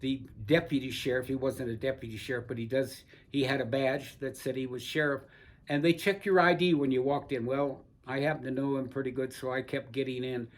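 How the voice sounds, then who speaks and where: A man's voice: mid-range voice, steady tone, a little fast. An older man telling rambling, folksy stories from his past in an oral history interview, with frequent restarts. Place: seated indoors in a barber chair.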